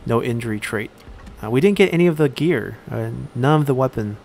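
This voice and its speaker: A man giving casual let's-play commentary while he plays a strategy game, thinking aloud and pausing often on fillers. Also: mid-range voice, animated, a little mellow, a little hiss or hum. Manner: thinks aloud, halting with frequent "uh".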